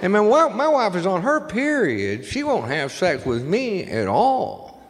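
Brash, crude comedian in an echoey hall. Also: male voice, high-pitched, huge pitch swings, a little slow. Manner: brash, crude storytelling with loud bursts on punchlines. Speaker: stand-up comedian. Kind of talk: stand-up comedy set. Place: stage in a large venue with a live audience. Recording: echoey hall with audience noise.

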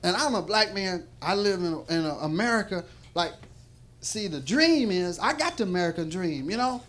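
A man's voice: high voice, animated, normal speed. A man doing a stand-up set on a club stage, rambling and profane and laughing between lines, his mouth gone dry. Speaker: stand-up comedian. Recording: live club recording with loud crowd. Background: audience reacting.

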